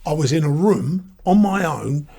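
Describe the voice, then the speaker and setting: A man's voice: fairly high pitch, animated, measured pace, vocal fry, warm tone. An older man, a guest telling stories in casual chat and laughing often. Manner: chatty storyteller, laughs often.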